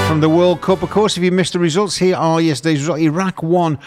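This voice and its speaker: A man's voice: a little high, fast talker, hardly any pauses, loud music behind the voice. A middle-aged man, hosting a breakfast radio show and rambling through sports results with many restarts. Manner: chatty, rambling with frequent restarts and fillers.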